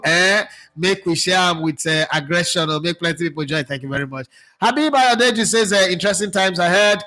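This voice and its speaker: A man's voice: a little high, pushed and bright. A man hosting a casual live football talk show, reading viewer comments with sarcastic, chatty asides and many fillers. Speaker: sports talk host.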